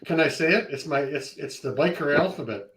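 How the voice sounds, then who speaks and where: A man's voice: a little high, brisk, noisy background. A Canadian man with a Canadian accent, teasing and joking in a casual group chat. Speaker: chat participant.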